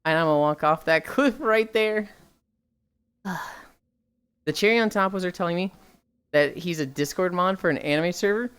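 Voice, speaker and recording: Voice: mid-range voice, moderate pace, pauses often, a bit bright, clear, resonant tone. A livestreamer chatting casually and reading viewer messages aloud, blunt and sighing often, swearing freely.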